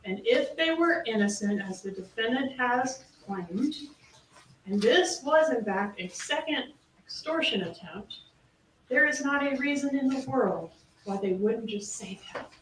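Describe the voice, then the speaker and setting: A woman's voice: fairly high pitch, animated, a little slow. A woman prosecutor delivering a closing argument, making pointed, emphatic points and firing rhetorical questions. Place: courtroom. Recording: echoey, distant courtroom audio with faint noise.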